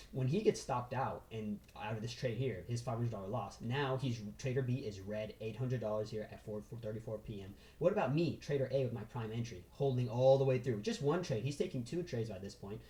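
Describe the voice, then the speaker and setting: A man walking through a trading chart in an excitable, casual way, punctuating every point with "right?" and "boom." His voice is warm and mellow, recorded with a roomy echo. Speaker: trading instructor.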